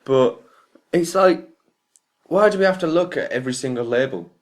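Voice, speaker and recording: A man's voice: a little high, expressive, moderate pace. A young man co-hosting a casual podcast, chatting loosely and swearing freely. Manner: swearing, laid-back banter. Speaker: podcast co-host. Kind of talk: casual chat. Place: attic room.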